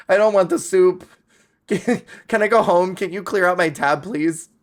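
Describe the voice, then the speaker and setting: A man's voice: high-pitched, unhurried, voice pushed up. A man putting on a flustered, embarrassed restaurant customer who stammers and pleads. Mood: panicked pleading.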